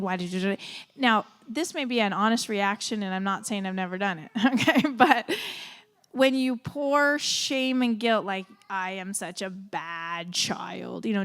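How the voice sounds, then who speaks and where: A middle-aged woman and former therapist giving an animated, laugh-filled talk to a moms' group. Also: a little high. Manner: animated, acts out reactions, laughs often.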